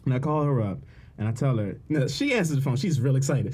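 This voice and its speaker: A husky, slightly low woman talking in a loose podcast chat. Her pitch swings widely as she tells stories and plays out the voices of the people in them. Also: fairly quick. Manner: animated storyteller, acts out quoted voices. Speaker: podcast co-host. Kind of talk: casual storytelling chat. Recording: podcast booth.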